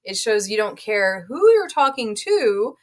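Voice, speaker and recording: A woman co-hosting a relaxed advice talk, conversational and expressive. Her voice sits at an ordinary middle pitch. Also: unhurried. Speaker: podcast co-host. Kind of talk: casual advice chat.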